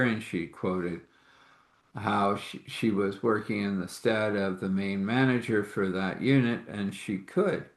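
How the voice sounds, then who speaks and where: A man's voice: on the low side, fairly even intonation, a little slow, reverberant. A man casually telling a faith story, rambling along and acting out the dialogue of the people in it. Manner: rambling, acts out quoted dialogue.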